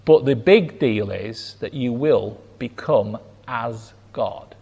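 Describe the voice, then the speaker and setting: A man preaching a sermon, slow and emphatic, acting out quoted lines with big swings in pitch. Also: vocal fry, mellow, husky, lo-fi sound. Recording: long hall reverb.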